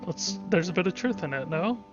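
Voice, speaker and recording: A man's voice: high-pitched, animated, fairly quick, muffled recording, music in the background. A man giving casual let's-play commentary, rambling and thinking aloud with many restarts.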